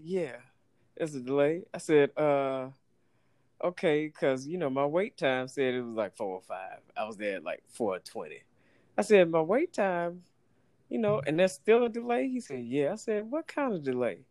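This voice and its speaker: A man's voice: a little high, normal speed, dry recording. A man, casually telling a story, acting out the people in it and laughing often. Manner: animated, acts out voices in anecdotes, laughs often.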